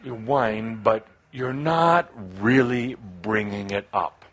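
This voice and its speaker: A man with a slightly husky voice delivers a channeled spiritual talk to a live gathering. He speaks slowly, in short broken phrases with long pauses. He drifts from soft musing into emphatic, passionate urging. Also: mid-range voice, lively intonation. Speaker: spiritual teacher addressing a live audience.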